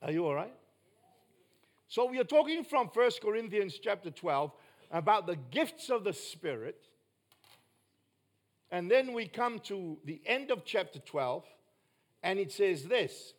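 Male New preacher, high-pitched, emphatic sermon delivery with loud peaks and soft drops. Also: big pitch swings, measured pace, long pauses. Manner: emphatic, rising to loud bursts then dropping low.

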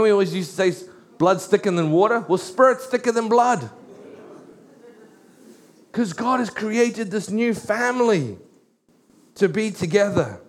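A middle-aged man preaching a sermon, animated and storytelling, slowing down to read scripture. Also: high-pitched.

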